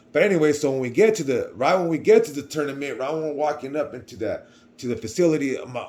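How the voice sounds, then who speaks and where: Man, young adult, casual vlog storytelling, rambling, repeats himself, mid-pitched voice. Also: expressive, quick pace. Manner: rambling, repeats words, swings between quiet and loud. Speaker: vlogger.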